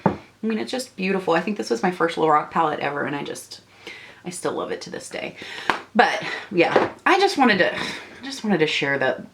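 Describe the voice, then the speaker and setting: A woman's voice: on the low side, very animated, moderate pace, gravelly, fairly bright tone, slight background noise. A young woman beauty vlogger chatting while she does her makeup, ranty and indignant, rambling with restarts. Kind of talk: casual chat while doing makeup.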